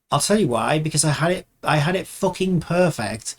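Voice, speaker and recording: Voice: mid-range voice, lively intonation, a little fast, few pauses. Frustrated indie dev at the keyboard: curses constantly, mutters, restarts thoughts mid-sentence. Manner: exasperated, swears constantly, muttering to self; trails off and restarts sentences while working. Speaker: game developer vlogger. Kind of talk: casual dev vlog commentary while working.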